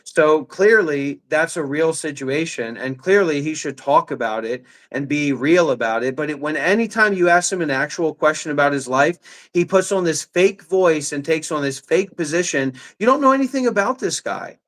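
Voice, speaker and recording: Brief: a heated male streamer in his thirties, slightly high voice, accusatory rant. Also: expressive, normal speed, hardly any pauses, a bit bright. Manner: ranting, accusatory, reads chat messages aloud. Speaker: livestreamer. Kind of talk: heated live commentary.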